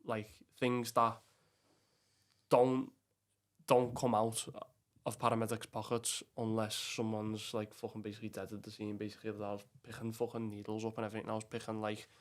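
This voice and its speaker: Young man, Liverpool Scouse accent, podcast guest, blunt and sweary, says "lad" a lot, flat level delivery. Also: lowish voice, normal speed. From England. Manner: blunt, swears often, calls the listener "lad". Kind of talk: emotional storytelling.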